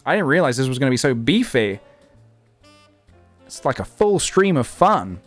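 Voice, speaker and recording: A man's voice: mid-range voice, big pitch swings, moderate pace, soft background music. Rambling young man streaming. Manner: rambling, thinking aloud, many fillers. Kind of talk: casual live-stream chat.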